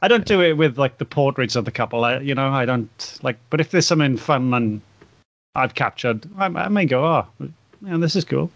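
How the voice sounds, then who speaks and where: A man's voice: mid-range voice, expressive, fairly quick, no echo. A man chatting casually as a guest, a wedding photographer who tells stories in a rambling, restarting way. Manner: rambling, anecdotal, many restarts and laughs. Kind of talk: casual podcast chat.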